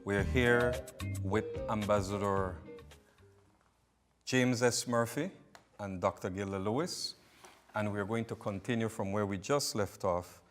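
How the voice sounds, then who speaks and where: A man's voice: lowish voice, unhurried, long pauses, faint music behind. A man hosting a talk show, prompting his guests and summing up their points. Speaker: host.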